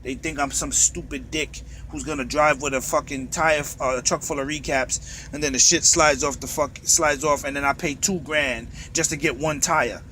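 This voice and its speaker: New york guy venting in his truck cab, swearing, kinda high voice, faint hum behind. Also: steady tone, moderate pace, few pauses, sharp tone. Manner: profane, bitter, agitated. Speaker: truck driver. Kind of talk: angry ranting monologue.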